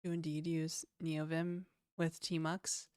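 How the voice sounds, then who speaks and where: A young Canadian woman with a lowish, smooth voice, chatting easily on a livestream. She reads out viewer questions and answers them in a relaxed, offhand way. The sound is close and dry, with no room around it. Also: takes it slowly, no room sound. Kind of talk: casual livestream chat.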